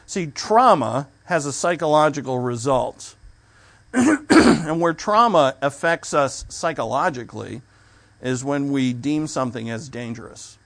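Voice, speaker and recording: A man's voice: mid-range voice, animated, measured pace, creaky. A man preaching a sermon in a conversational way, stopping and restarting his sentences as he explains a scripture.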